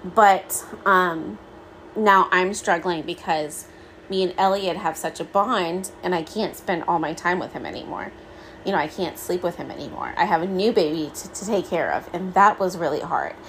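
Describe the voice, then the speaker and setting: Chatty mom podcaster, candid and rambling. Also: female voice, fairly low pitch, expressive, moderate pace, a bit bright, slight background noise, rough recording. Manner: chatty, candid, many "like" fillers. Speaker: podcast host. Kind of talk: casual solo podcast chat.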